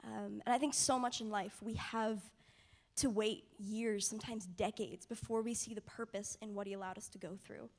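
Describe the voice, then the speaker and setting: A young woman telling a personal faith testimony in a soft, casual way, often sinking to a near whisper. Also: medium pitch, fairly even intonation, normal speed. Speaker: mission trip participant sharing testimony.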